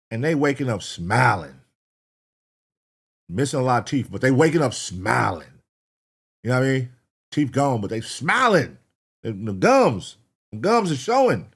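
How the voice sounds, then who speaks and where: A man's voice: mid-range voice, very animated, measured pace, long pauses, slightly rough. A man hosting a reaction show, rambling casually and cursing as he talks to his chat.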